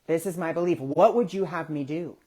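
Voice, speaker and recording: Animated male spiritual talk host. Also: on the high side, a little fast. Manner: animated storytelling, acting out quoted voices. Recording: social media live stream.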